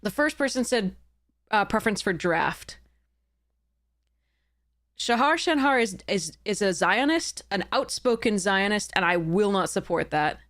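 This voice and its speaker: A woman's voice: mid-range voice, animated, unhurried, pauses often, fairly bright tone. A woman game streamer chatting live with her viewers, earnest and heated, often stopping to apologize.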